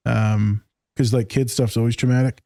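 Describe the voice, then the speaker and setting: Slangy, emphatic man with a mellow voice. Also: mid-range voice, fairly even intonation, normal speed, no echo, clean studio sound. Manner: emphatic and slangy, says "my guy", swears freely. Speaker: podcast host. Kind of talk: casual podcast chat.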